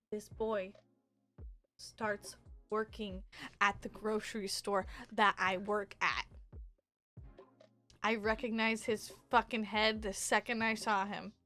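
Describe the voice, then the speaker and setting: A young adult woman co-hosting a podcast, telling a story in casual chat with animated delivery and frequent laughter. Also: mid-range voice, measured pace, pauses often, soft background music. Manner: animated, laughs often, acts out quotes loudly. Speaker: podcast co-host.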